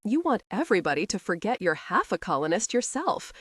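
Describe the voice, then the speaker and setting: A hot-tempered young tomboy who snaps back and won't back down as a woman reads her. Her lines jump around in pitch. Dry, close audiobook reading. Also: sing-song, fairly quick, breathy edge, dry recording. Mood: heated. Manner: defiant, sharp-tongued. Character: fiery tomboyish young woman, defiant and sharp-tongued.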